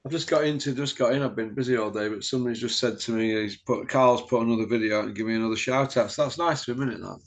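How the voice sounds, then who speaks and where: A man's voice: mid-range voice, fast, hardly any pauses. A man hosting a chat show over a video call, blunt and matey in his talk. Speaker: host. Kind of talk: casual chat.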